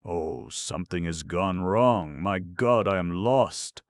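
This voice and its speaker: A man's voice: rumbling low, sing-song, measured pace, creaky, no room sound, clean studio sound, full character voice. A man voicing a young male rebel spy who answers humbly and begs for mercy. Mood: terrified.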